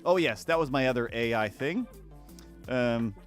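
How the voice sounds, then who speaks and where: A man's voice: mid-range voice, expressive, measured pace, faint music behind. Cartoonist guy rambling on a drawing stream, lots of ums, chuckles at himself. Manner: rambling and chatty, with many fillers and self-amused laughs. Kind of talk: casual live-stream chat while drawing.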